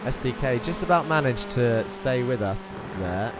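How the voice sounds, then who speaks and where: A man commentating an online sim race, excitable and chatty, reading out viewer messages between the action. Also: mid-range voice, normal speed, background noise. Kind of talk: live esports race commentary.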